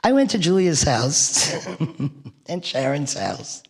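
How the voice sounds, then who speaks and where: A woman's voice: low voice, sing-song, slow pace, vocal fry, slightly rough. A middle-aged woman with a New York accent, giving a eulogy full of funny stories and laughing as she tells them. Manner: chatty storyteller who laughs through her stories. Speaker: eulogy speaker. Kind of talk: eulogy sharing funny memories. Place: church hall. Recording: long reverb of a church hall.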